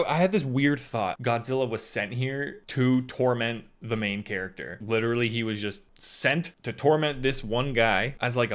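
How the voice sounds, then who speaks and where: A young man talking casually about a film he loved, rambling and hesitant, often trailing off, and acting out characters' lines in quick asides. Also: fairly low pitch, fairly bright tone. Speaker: movie reviewer. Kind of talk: casual movie review vlog.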